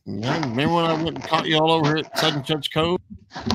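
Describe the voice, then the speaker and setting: A man's voice: on the high side, a little fast, slight background noise, poor audio. A man, an angler telling a story in casual chat and acting out what others said. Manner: animated, acts out quotes of others.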